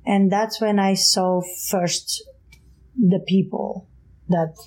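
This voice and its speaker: A middle-aged woman from Portugal with a Portuguese accent, telling her life story as an interview guest in a lively, laughing way. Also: medium pitch, slow pace, rough recording. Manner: animated, laughs often, acts out voices. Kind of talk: casual storytelling.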